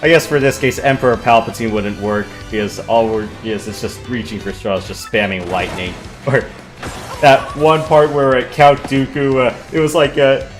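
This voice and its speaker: A man's voice: medium pitch, normal speed, soft background music. Laid-back man chatting over gameplay. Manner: relaxed, rambling, chatting with friends while playing. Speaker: game player and host. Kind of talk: casual gameplay commentary.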